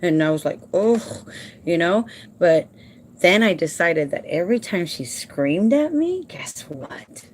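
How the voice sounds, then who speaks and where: A woman who works as a home care provider, talking casually and warmly to her viewers from home, emotional and halting at times. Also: on the low side, very animated, a little hiss or hum. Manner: emotional and heartfelt, addresses viewers as "you guys"; halting with repeated restarts when upset.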